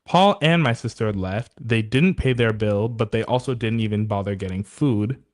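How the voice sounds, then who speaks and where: A man's voice: lowish voice, normal speed, a little mellow. Laughing young man reading stories aloud. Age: young adult. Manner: laughs often, reads listener stories aloud. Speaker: podcast host.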